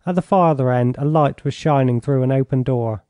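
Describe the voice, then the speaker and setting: A man with a medium-pitched voice reads an audiobook script in a calm, even storytelling style. The close studio mic picks up no room sound at all.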